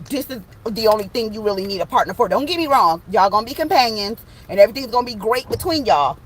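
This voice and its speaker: A woman's voice: medium pitch, slight background noise, low-quality recording. A woman giving a casual online tarot reading from a truck, slangy and profane, joking and acting out little scenes. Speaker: tarot reader. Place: in a parked truck with the window open.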